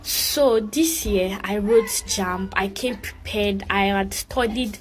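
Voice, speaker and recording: A young woman calmly explaining her exam history in a vlog. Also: medium pitch, slow pace, faint music behind, low-quality recording. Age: young adult. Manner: composed, explanatory. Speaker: exam candidate.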